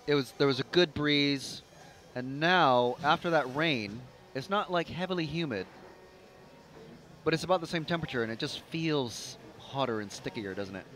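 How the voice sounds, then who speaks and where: A man's voice: a little high, expressive, moderate pace, a bit bright, low-quality recording. A man giving casual, rambling live race commentary with lots of fillers. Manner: chatty, rambling, with frequent fillers. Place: outdoor racetrack, trackside.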